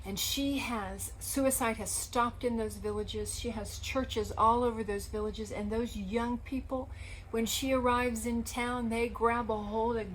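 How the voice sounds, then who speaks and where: A woman co-hosting a Christian ministry program, telling inspiring stories in an earnest, animated way. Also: on the high side, measured pace, a little hiss or hum, rough recording. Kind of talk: storytelling conversation.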